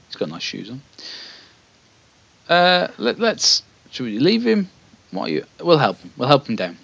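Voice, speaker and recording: A man's voice: medium pitch, big pitch swings, moderate pace, creaky, a bit bright, dull audio. A man playing a text adventure, reading the story aloud and chatting between passages with hesitant asides. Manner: reads the story evenly, then chats with hesitant asides. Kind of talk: let's play, reading game text aloud with commentary.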